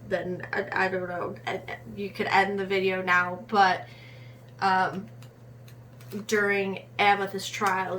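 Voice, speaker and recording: Slow, impassioned American woman vlogger. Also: mid-range voice, fairly bright tone, slight background noise. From Rochester, New York, USA. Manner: earnest and impassioned, talks in halting restarts. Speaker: book vlogger. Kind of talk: casual book review chat.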